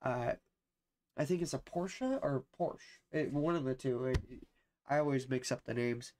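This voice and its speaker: A man's voice: mid-range voice, expressive, measured pace, a little mellow, slight background noise. A young adult man chatting casually to his livestream viewers, rambling and slangy, with frequent swearing and fillers.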